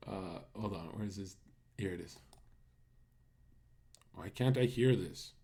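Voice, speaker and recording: A man's voice: deep voice, unhurried, dark tone, husky. Guy streaming live, cussing a lot, keeps asking his chat "what are you doing", totally incredulous. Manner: blunt, profane, incredulous ranting; talks to chat, frequent rhetorical questions. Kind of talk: casual live-stream commentary.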